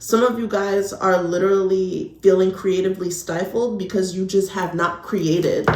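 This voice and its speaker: Chatty lady doing a tarot reading, says like a lot, middle pitch, roomy echo. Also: steady tone, moderate pace, very noisy. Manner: chatty, frequent "like", calls listeners honey. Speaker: tarot card reader. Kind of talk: casual pick-a-card tarot reading. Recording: echoey room.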